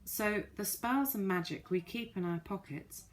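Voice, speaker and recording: A thoughtful, calm, bearded old man, as a woman reader plays him, explaining things at a measured pace. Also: medium pitch, a little hiss or hum, close to an everyday voice.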